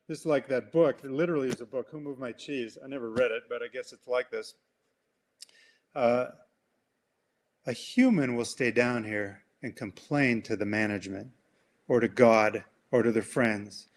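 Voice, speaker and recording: A man coaching through a webinar, telling an animated, folksy story and acting out voices along the way. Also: mid-range voice, normal speed. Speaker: coach and presenter. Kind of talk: webinar talk with a demonstration. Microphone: webinar mic.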